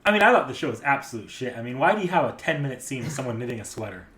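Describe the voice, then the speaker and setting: Sarcastic host with lively swings in an echoey room. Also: mid-range voice, very fast. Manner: sarcastic, deadpan jokes. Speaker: podcast host. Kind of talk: casual chat.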